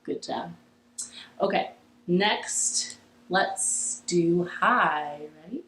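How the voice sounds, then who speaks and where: A woman's voice: medium pitch, very slow, pauses often, echoey room, a little hiss or hum, rough recording. A young woman hosting a children's library storytime from her living room, cheerful and encouraging, leading songs and games. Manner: cheerful, encouraging, sing-song.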